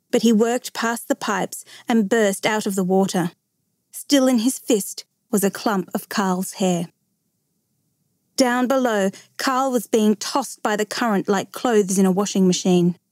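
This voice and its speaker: Female storyteller, measured and steady, drawing out tense moments, mid-pitched, dry close-miked sound. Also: dry recording. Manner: measured, slowing at dramatic moments. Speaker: narrator. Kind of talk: reading a true story aloud.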